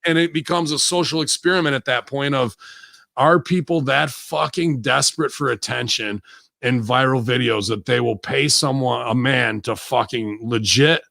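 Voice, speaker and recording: Brash gravelly man, dry close mic. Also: mid-range voice, moderate pace, no echo. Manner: brash, loud storytelling with laughs. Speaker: wrestler, podcast guest. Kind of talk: profane casual interview chat.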